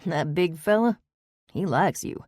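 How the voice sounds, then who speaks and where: A woman's voice: lowish voice, animated, measured pace, darkish tone, no echo, studio quality. A woman voicing a friendly, teasing male banker in an audiobook. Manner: chummy, teasing. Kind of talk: audiobook character voice.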